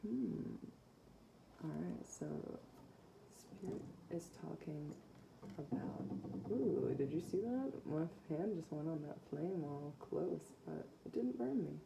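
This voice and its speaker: A woman's voice: low-pitched, expressive, slow, creaky, background noise. A woman giving a casual, rambling psychic tarot reading to her viewers, with many fillers. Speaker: tarot reader.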